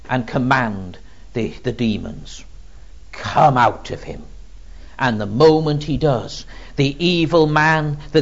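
A man preaching an expository Bible teaching, emphatic and expressive, with frequent ums. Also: fairly high pitch, lo-fi sound.

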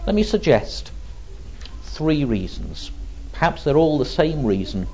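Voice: medium pitch, big pitch swings, measured pace, a little mellow, a little hiss or hum. A preacher giving a sermon, retelling a story in an earnest, vivid way, on a dull lo-fi recording.

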